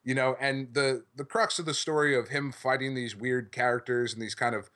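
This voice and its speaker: A man's voice: medium pitch, steady tone, moderate pace, sharp tone. Enthusiastic man chatting on a podcast. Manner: enthusiastic, rambling, swears freely. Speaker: podcast host. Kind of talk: casual chat about comics.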